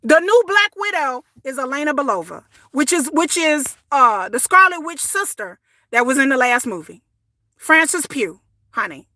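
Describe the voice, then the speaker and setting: A woman, ranting casually to her viewers, sassy and animated, swearing and repeating words as she goes. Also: high voice, moderate pace, no room sound, clean studio sound. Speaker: commentary vlogger. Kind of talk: casual opinion rant.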